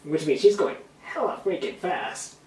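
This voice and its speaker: A man's voice: on the high side, expressive, normal speed, a little mellow, a little hiss or hum. A young man co-hosting a casual movie discussion, laid-back and chuckling, chiming in with short agreements. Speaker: podcast co-host. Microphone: camera mic. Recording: roomy, distant camera mic.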